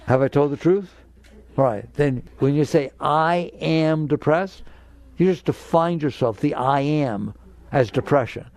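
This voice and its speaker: An older man with a gravelly voice gives a spiritual talk, direct and emphatic. His tone is dark and mellow, and the recording is dry and close. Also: a little high, a little slow, no room sound. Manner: emphatic, direct, acts out inner voices in quotes. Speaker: spiritual teacher.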